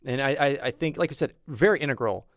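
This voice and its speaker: A man's voice: mid-range voice, expressive, fast talker, no echo. Chatty man co-hosting, dry close sound. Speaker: podcast co-host. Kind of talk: casual chat.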